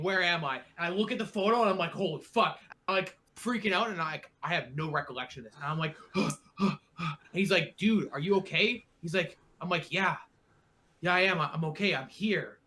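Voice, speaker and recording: Young male podcast host, bright tense voice, animated storyteller who acts out his quotes. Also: a little high. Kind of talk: casual storytelling.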